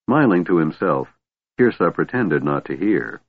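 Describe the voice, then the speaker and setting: Deep husky guy reading a fantasy audiobook, steady pace, dry phone-ish sound. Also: no room sound, narrow, tinny audio. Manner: steady, measured storytelling. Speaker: narrator.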